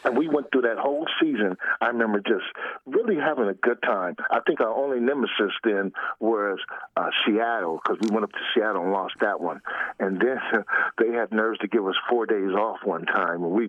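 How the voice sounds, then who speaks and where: An older former football player telling stories in a casual interview, laughing often and talking in a loose, folksy way. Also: male voice, on the low side, moderate pace, no room sound. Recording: tinny phone line.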